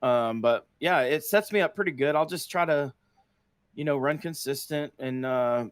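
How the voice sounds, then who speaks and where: Easygoing man with a smooth, dry voice. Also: fairly high pitch, normal speed, no echo. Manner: easygoing, filler-heavy answers. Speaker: race winner being interviewed. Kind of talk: casual post-race interview.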